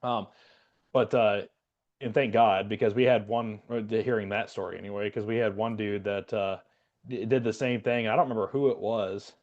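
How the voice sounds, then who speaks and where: A man's voice: fairly low pitch, steady tone, normal speed, a little mellow, lo-fi sound. A man, a podcast co-host and Air Force veteran, telling a rambling story in casual chat with lots of fillers. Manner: rambling, many fillers and restarts.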